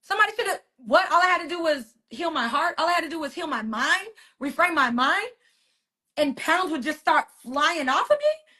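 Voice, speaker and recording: A woman's voice: sits high, animated, moderate pace, sharp tone. A woman hosting a casual motivational live stream from her phone, talking emphatically, repeating phrases and chatting with viewers. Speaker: author and wellness coach hosting a weekly live stream.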